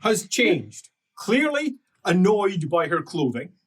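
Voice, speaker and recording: A game master sets the scene for a tabletop session in a slow, husky voice. The pitch moves freely, and the voice sounds a bit distant from the mic. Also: sing-song. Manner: unhurried scene-setting narration. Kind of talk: narrating an improvised tabletop game.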